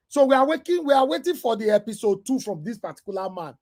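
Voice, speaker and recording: Animated high-voiced man with a Nigerian Pidgin accent. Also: quick pace. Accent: Nigerian Pidgin English. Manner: animated, emotional, switching from loud to soft. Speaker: vlogger. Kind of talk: commentary rant.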